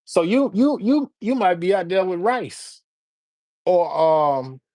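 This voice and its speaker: A man hosting a casual livestream, reading viewer comments and giving shout-outs in a laid-back, slangy way. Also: high-pitched, very animated, slow pace, no room sound, clean studio sound. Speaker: livestream host reading chat.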